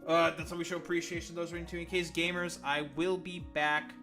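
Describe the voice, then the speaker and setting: A man's voice: on the high side, level tone, brisk, over music. A tired young Canadian man streaming late at night, ranting sarcastically and profanely in a rambling way. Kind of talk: late-night livestream rant.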